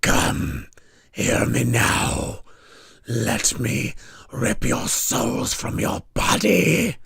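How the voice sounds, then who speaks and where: Wrathful undead overlord: gravelly, slow, with a lively menacing lilt, dry close sound. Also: male voice, mid-range voice, dry recording, pitched below the performer's own voice, full character voice. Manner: slow, dragged-out threats. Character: vengeful ancient undead male tyrant.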